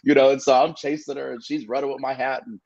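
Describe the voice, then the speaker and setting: A man in his forties, an inspirational speaker, telling a personal story in an earnest, halting way with many fillers and restarts. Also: medium pitch, little pitch movement, creaky, a little mellow, dry recording, lo-fi sound. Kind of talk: storytelling on a video call show.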